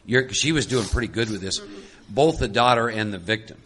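A man with a bright, forceful voice leads a group workshop. He coaxes and prods participants in an animated way and laughs often. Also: lowish voice, fairly quick, slight background noise. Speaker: workshop leader. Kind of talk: lively group workshop talk.

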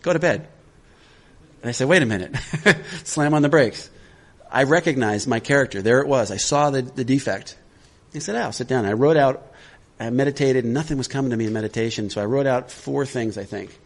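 A man's voice: mid-range voice, a little fast. Man leading a recovery workshop, conversational. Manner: conversational, checks in with "all right?". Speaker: workshop leader.

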